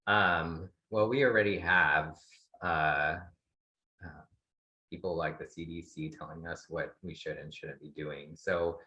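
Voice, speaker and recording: A man with a very low voice gives family advice as an expert in an online talk, pausing often and restarting his thoughts. The sound is dull and lo-fi. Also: fairly even intonation, bright, forceful tone. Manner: thoughtful, halting with many fillers. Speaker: psychologist guest expert.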